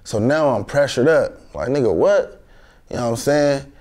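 A young man talks in slangy street speech packed with fillers. His voice is mellow and relaxed, and it sits at a middle pitch. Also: normal speed. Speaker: guest. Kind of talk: street storytelling interview.

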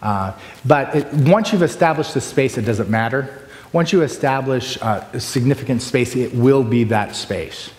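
Male lecturer, expressive, loud-to-hushed swings, recorded in a reverberant hall. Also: mid-range voice, moderate pace. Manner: animated, shifts between loud bursts and hushed asides. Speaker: preaching workshop speaker. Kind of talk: conference lecture with demonstrations. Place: large hall with long reverb. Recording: echoey hall from far off.

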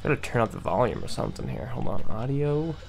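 A young man hosting a horror game let's-play, talking casually and reacting out loud with disgust and swearing. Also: medium pitch, huge pitch swings, quick pace, gravelly, faint music behind. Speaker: gaming let's-play host. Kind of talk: casual gameplay commentary.

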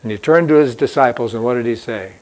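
A man's voice: medium pitch, fast talker, a little mellow. A man preaching a sermon as pastor in a church, in a conversational storytelling way that repeats key points.

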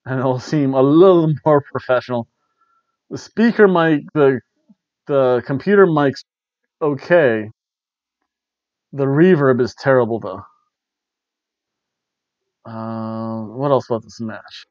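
Man, casual rambling host, wry asides, unhurried, dull cheap lapel mic. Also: medium pitch, darkish tone, no room sound. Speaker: wrestling review host. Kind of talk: casual chat. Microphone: cheap worn lapel mic.

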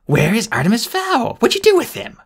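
A man voicing a volatile crime boss who shouts in a frantic, high-strung way for an audiobook. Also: steady tone, fast talker, natural voice. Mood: raging.

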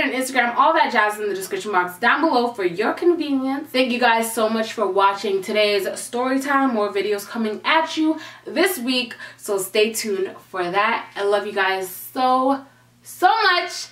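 A young woman vlogger telling a storytime in an animated, slangy way, swearing freely. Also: on the high side, moderate pace. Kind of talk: storytime vlog. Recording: echoey room, mic at a distance.

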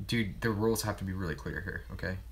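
A man's voice: deep voice, fast talker, crowd noise. A man hosting a casual livestream, joking and mocking himself with lots of swearing while he cooks. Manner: profane, joking, self-mocking.

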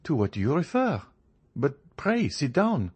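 A man reading a courteous, genial male journalist in a storybook, measured and increasingly firm. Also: fairly high pitch, wildly swooping pitch, darkish tone, husky, voice pushed up, full character voice. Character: genial male journalist, friendly yet proud.

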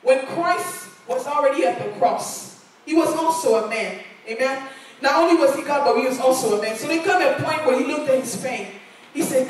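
A woman's voice: sits high, lively intonation, normal speed, slight background noise. A woman preaching a sermon in a church, earnest and repeating lines for emphasis. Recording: echoey church hall, voice from far off.

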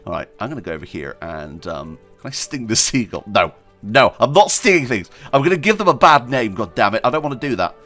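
A man commenting as he plays a video game, chatty and excitable, often squealing with delight. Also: mid-range voice, fairly quick, soft background music. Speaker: gaming video host. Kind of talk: let's play commentary.

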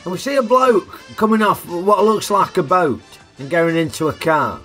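A man's voice: high-pitched, normal speed, bright, forceful tone, faint music behind. A man giving a chatty, jokey film review full of tag questions. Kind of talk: casual film review narration.

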